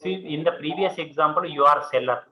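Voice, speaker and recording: Speaking quickly in a voice on the high side, a man with an Indian English accent teaches commerce to a classroom, repeating himself and checking in with "okay" and "see." A crowd can be heard in the background of the muffled classroom recording with students.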